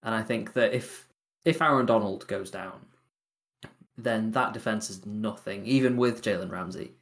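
A man's voice: fairly low pitch, moderate pace, fairly bright tone. A man co-hosting a sports podcast, arguing his points casually with lots of "I think" and "like". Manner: reasoned, hedging with "like" and "I think". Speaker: podcast co-host.

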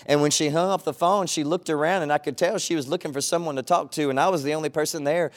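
Middle-aged pastor delivering an earnest sermon, a touch high in pitch. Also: male voice, fairly even intonation, quick pace. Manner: earnest, emphatic preaching with repeated phrases.

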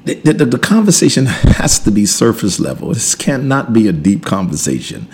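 Pastor dude talking on his podcast, low gravelly voice, swings up and down a lot, keeps repeating himself. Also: sing-song, normal speed, background noise. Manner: repeats words, restarts often, chuckles between points; emphatic, preacherly build-ups. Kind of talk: conversational podcast teaching.

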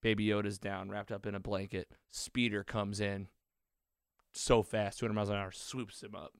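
A man hosting a casual podcast chat, retelling a show's episode with excitement and quick acted-out quotes. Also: fairly low pitch, gravelly, clear, resonant tone, no room sound, clean studio sound. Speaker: podcast host.

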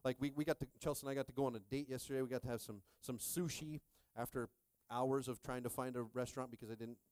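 A man in his thirties preaching with lively, jokey energy, often jumping high in pitch as he acts out his own stories. The sound is dry and close. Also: fast, dry recording. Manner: animated, jokey preaching with call-and-response. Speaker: pastor. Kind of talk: sermon.

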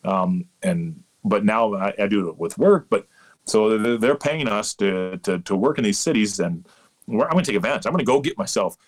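A man in his thirties from Canada, talking in a fairly low voice as a guest in a casual interview. He rambles through stories with lots of animation and eager asides. The tone is easygoing and chatty. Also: lively intonation, moderate pace. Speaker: umpire guest.

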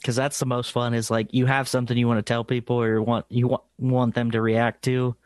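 A man's voice: medium pitch, flat delivery, a little fast, darkish tone, clean tone, no room sound. A young man co-hosting a podcast, chatting casually, swearing freely and laughing as he tells stories. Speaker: podcast co-host.

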